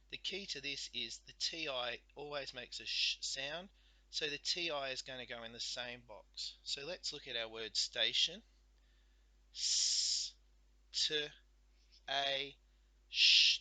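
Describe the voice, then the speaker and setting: A male teacher explains spelling in a very bright, sharp voice, slowing down to sound out each letter and syllable. The recording is close and dry, with no room sound. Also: medium pitch, no room sound, rough recording.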